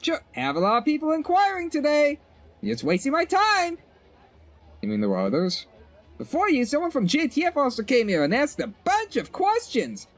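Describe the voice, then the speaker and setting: A man voicing a chatty young female shopkeeper in a strained high falsetto, with bubbly sing-song customer-service chatter. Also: wildly swooping pitch, normal speed, full character voice. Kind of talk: game dialogue voiced by a streamer.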